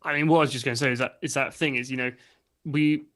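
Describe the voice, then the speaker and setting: Middle-aged male co-host, fast-paced, thoughtful, filler-heavy. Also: medium pitch, steady tone, fairly bright tone. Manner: thoughtful and reasoned, with many fillers. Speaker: co-host of a livestream chat show. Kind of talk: casual chat. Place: at home.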